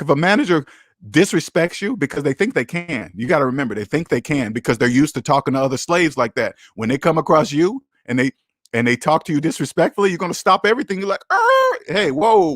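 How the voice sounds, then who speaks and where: A man's voice: a little high, lively intonation, fast talker, fairly bright tone, dry recording, clean studio sound. A man hosting a casual livestream, talking bluntly and emphatically, with profanity and lots of repetition. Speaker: livestream host.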